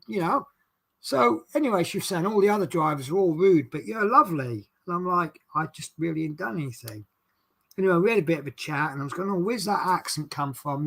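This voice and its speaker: Chatty bus-driver type, a man with a husky voice and an animated delivery, rambling through anecdotes. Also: sits high. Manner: chatty and rambling, acting out quoted dialogue. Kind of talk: casual storytelling monologue.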